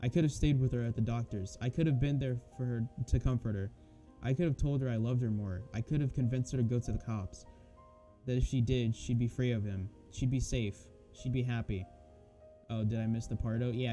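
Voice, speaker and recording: A man streaming a visual novel mod, reading its text aloud in a flat undertone and breaking off to comment on it. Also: medium pitch.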